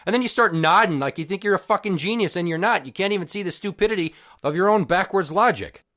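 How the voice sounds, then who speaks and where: Podcast guy on a profane rant, fairly high voice, sarcastic, fed up. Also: lively intonation, fast talker, a bit bright. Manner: crude, sarcastic and exasperated. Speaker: podcast host.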